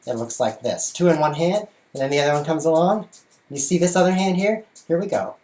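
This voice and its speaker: A man's voice: on the high side, fairly quick, darkish tone. A man hosting a casual livestream from his bedroom, jokey and playful, talking through what he does as he juggles. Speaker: chess streamer and show host. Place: bedroom at home.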